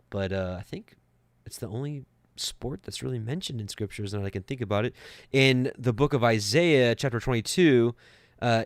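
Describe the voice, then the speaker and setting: A man's voice: on the low side, no echo. A man teaching scripture casually, rambling with many fillers and restarts and chuckling now and then. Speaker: Bible teacher.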